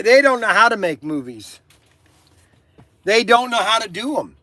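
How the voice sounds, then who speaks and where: A man's voice: high voice, pushed and bright, no room sound. An older man who runs a toy shop talks to camera in a rambling, opinionated way, often laughing and restarting his sentences. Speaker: toy shop owner and channel host. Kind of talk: rambling casual monologue. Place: inside his store.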